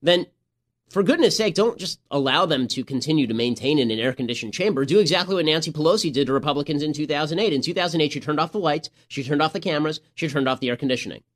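A man's voice: on the high side, rapid-fire, few pauses, fairly bright tone. A man hosting a political commentary podcast, talking in a sarcastic, mocking way. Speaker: podcast host.

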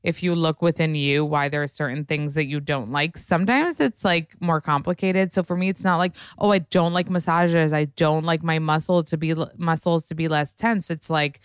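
A woman hosts a solo podcast, talking in a frank, rambling way, peppered with profanity and "like". Her voice sits low and comes across smooth and clear. The recording is dry and close, with no room echo. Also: steady tone, normal speed, hardly any pauses. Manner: candid, profane, chatty with fillers. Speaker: podcast host. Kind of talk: casual solo podcast chat.

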